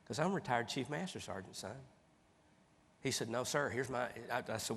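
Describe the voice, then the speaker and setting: A man, telling funny stories as a keynote speaker in a folksy, animated way. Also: mid-range voice, fast, gravelly. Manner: folksy, animated, acts out dialogue. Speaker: motivational speaker. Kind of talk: humorous keynote storytelling. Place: large conference hall with audience. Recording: reverberant hall, faint background noise.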